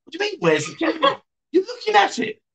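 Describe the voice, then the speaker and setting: A man's voice: very high voice, wildly swooping pitch, quick pace, gravelly, fairly bright tone, poor audio. A man hosting a casual livestream, reading viewer comments aloud and joking with his guests. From England. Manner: teasing, joking banter with guests. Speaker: livestream host.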